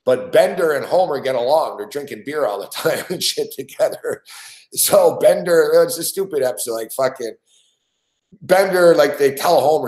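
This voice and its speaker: A man's voice: fairly high pitch, expressive, normal speed, a little mellow. Profane laughing man, echoey room. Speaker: sports betting show co-host. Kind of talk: casual chat.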